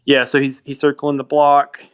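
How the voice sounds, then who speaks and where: A man's voice: medium pitch, moderate pace, smooth. Casual young man retelling a film. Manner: animated retelling, acts out movie lines. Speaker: podcast co-host.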